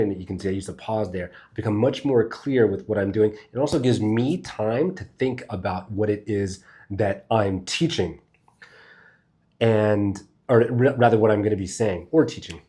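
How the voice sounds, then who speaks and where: A man's voice: on the low side, warm tone. A man giving a casual spoken lesson to camera as a speaking coach, loose and conversational, swearing now and then and thinking aloud as he goes.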